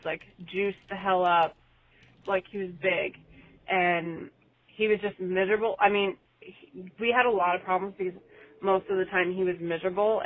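A woman from New Jersey leaving a casual voicemail from her phone while driving. She talks in a chatty, rambling way full of fillers. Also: lowish voice. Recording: tinny voicemail line with faint road noise.

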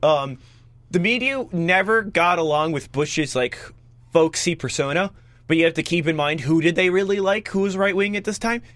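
A young man from Washington, D.C., co-hosting a casual political chat, talking quickly with lots of "like" fillers. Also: on the high side, dry recording. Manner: quick, animated, full of "like" fillers. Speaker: podcast co-host.

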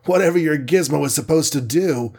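Man voicing a superhero in armor, cocky, cheerful, brash, husky, storybook reading. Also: fairly high pitch, fairly quick, darkish tone, pitched above the performer's own voice.

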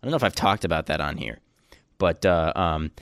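A man's voice: low voice, brisk, gravelly, no echo, clean studio sound. A young man co-hosting a podcast, ranting and joking in casual chat. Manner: animated, ranting, jokey. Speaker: podcast co-host.

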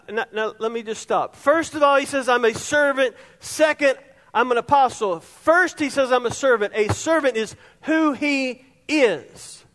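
A man's voice: very high voice, a bit bright. A middle-aged man preaching a sermon as pastor, emphatic and repeating his key phrases to the congregation. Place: church sanctuary. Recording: long reverb of a hall.

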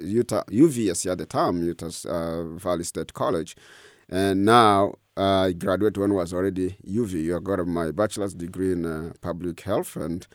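Guest, middle-aged man, second-language English, low and halting, dry close mic. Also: no echo. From Democratic Republic of Congo. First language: not English. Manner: halting, many fillers and restarts. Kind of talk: storytelling interview.

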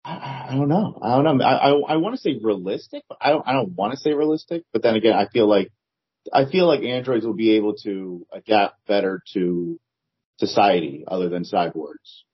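A man's voice: lowish voice, expressive, brisk, breathy edge, dull audio. A man with a New Jersey accent, an author guest on a podcast, answering hesitantly and repeating himself. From New Jersey, United States. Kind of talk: casual interview chat.

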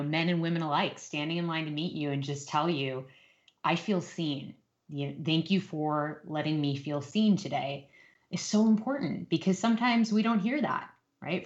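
A woman hosting a relaxed interview over a video call, upbeat and affirming toward her guest. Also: low voice, muffled recording. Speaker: interview host. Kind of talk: casual interview.

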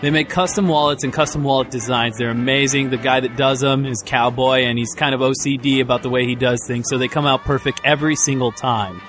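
Man, co-host, mid-pitch, relaxed, loud music behind. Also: a little fast, few pauses. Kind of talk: casual chat and sponsor read.

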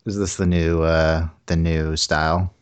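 A man co-hosting a casual movie review chat, talking haltingly with dry humor and frequent laughs. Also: low-pitched, flat delivery, clear, resonant tone. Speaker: podcast co-host reviewing a movie.

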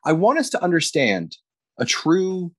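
A Canadian man co-hosting a podcast in casual banter, given to animated mock-outraged rants. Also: on the high side, measured pace, breathy edge. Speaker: podcast co-host.

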